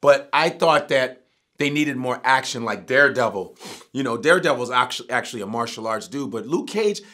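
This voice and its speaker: A middle-aged man and comedian talking casually as a guest, animated and profane. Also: medium pitch, normal speed. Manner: animated, profane, prone to outbursts. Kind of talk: casual interview chat.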